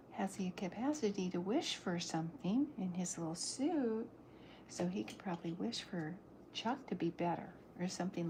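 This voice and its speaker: Soft-spoken woman, lowish voice, musing ASMR cartoonist, noisy recording. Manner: soft-spoken, musing aloud, drifting into whispers. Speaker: streaming cartoonist. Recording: noisy background hiss.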